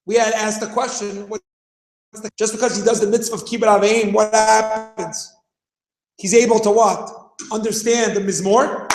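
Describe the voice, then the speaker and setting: Man in his thirties, very high voice, animated teacher, rhetorical questions, echoey classroom. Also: a little hiss or hum. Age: 30s. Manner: asks rhetorical questions, acts out scenes, shouts for emphasis.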